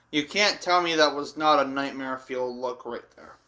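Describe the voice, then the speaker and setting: A man hosting a casual manga read-along, narrating with halting, chatty asides. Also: mid-range voice, sharp tone. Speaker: channel host reading a manga.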